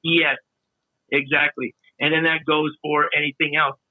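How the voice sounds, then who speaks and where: Man, podcast guest, relaxed casual chat, phone-like audio, dry sound. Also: fairly high pitch, measured pace, no echo. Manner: relaxed, explains with many restarts. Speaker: podcast guest, musician and video maker. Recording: tinny phone-line sound.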